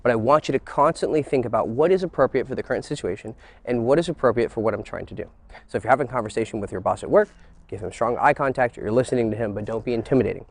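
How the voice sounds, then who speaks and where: A man giving a dating lesson, switching between teacherly explanation and excited, crude joking, swearing casually. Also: medium pitch, rapid-fire, gravelly. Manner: animated, mixes teacherly talk with excited crude jokes. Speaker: dating coach. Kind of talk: instructional monologue.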